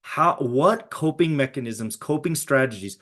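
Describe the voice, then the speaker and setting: A man's voice: medium pitch, expressive, a little slow, a bit bright. A middle-aged man presenting a live webinar to educators over a video call, talking conversationally and often checking in with "right?".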